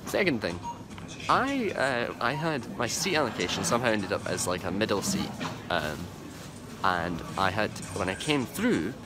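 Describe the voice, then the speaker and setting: Young man, low lively voice, rambling vlog chat, handheld camera, music bed. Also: normal speed. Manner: chatty and rambling, with many fillers and restarts. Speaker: vlogger. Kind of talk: casual travel vlog. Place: airport departure area, indoors.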